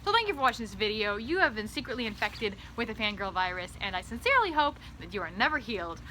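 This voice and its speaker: A woman with a fairly high, bright, sharp voice talks to camera in a comedic vlog monologue. She rambles, stumbles over repeated words and swings from loud, excited bursts to hushed asides. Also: fast talker, slight background noise. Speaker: author vlogger.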